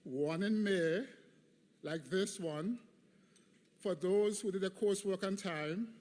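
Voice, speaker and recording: A man's voice: high voice, takes it slowly, a little mellow, a little hiss or hum. A man in his fifties giving a preached commencement address in a large hall, emphatic, with rhythmic repetition. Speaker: commencement speaker. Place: large hall at a graduation ceremony. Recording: long hall reverb.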